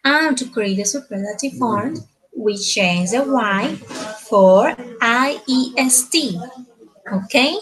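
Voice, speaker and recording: Woman teacher, measured unhurried delivery, keeps checking in with "okay?". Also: fairly high pitch, lively intonation, fairly bright tone, rough recording. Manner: slow, repeats words, ends phrases with tag questions. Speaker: English teacher. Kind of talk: slow grammar lesson.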